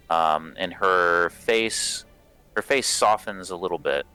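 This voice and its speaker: A man's voice: low voice, slow pace, bright, forceful tone, smooth, faint music behind. A man narrating as game master of a tabletop game, in a casual, rambling way with many fillers.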